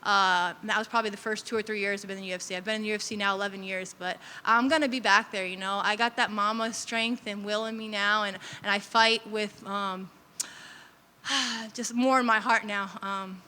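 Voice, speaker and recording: A woman's voice: medium pitch, steady tone, fairly quick, bright, forceful tone, smooth. A woman in her thirties, a professional fighter, talking candidly and emotionally in a post-fight press interview, rambling with restarts. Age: 30s. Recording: long reverb.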